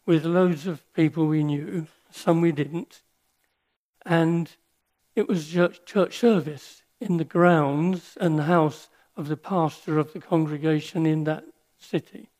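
Slow, earnest older man preaching. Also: a little high, steady tone, a little mellow. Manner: slow, earnest and reflective, with pauses and restarts. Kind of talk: sermon with personal stories.

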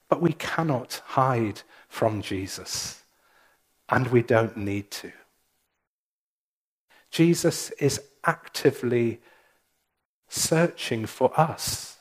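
A man, the church's minister, preaching a sermon in a church, with slow, measured delivery and pauses. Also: mid-range voice.

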